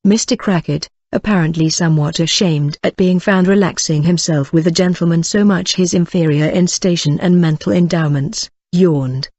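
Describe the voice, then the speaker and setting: An audiobook reader narrates a classic novel in a steady, even way, at a middle pitch. The recording is dull and lo-fi. The room sound is dry, with no echo. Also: moderate pace, few pauses. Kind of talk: storybook narration.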